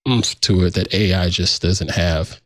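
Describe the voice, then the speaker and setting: A man co-hosting a tech podcast, talking casually with a relaxed, searching manner. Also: low voice, measured pace, no echo, studio quality. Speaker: podcast co-host.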